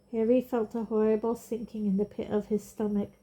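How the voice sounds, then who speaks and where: Mellow-voiced woman reading a novel. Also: mid-range voice, level tone, brisk, hardly any pauses, lo-fi sound. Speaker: audiobook reader. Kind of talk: storybook narration.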